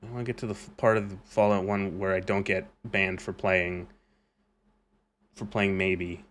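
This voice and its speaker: A man's voice: deep voice, flat delivery, normal speed, fairly bright tone. A man streaming a game, ranting casually with lots of swearing and rambling restarts. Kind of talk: casual live gameplay commentary.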